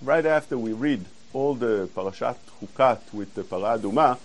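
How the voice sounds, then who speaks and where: A man giving a Torah class, explaining verses earnestly and quoting Hebrew quickly. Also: mid-range voice, animated, poor audio. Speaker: Torah teacher.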